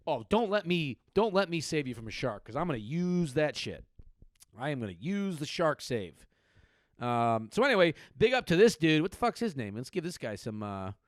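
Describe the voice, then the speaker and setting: A man's voice: fairly high pitch, no room sound, studio quality. Profane riffing male comedy podcaster. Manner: profane, riffing, puts on mock voices. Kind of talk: comedic news commentary podcast.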